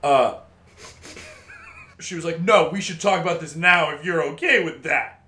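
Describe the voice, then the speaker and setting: Animated young man ranting in an echoey room. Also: on the high side, moderate pace. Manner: animated ranting storyteller, swears freely. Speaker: host. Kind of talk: casual podcast chat over gameplay.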